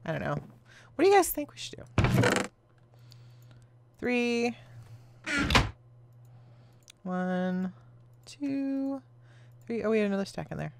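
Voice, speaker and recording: A woman in her thirties chats casually while playing a game, rambling from one story to the next and laughing often. Her pitch climbs and dips freely as she talks. A faint hiss sits under her voice. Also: very animated, takes it slowly, creaky, long pauses. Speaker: gaming video host.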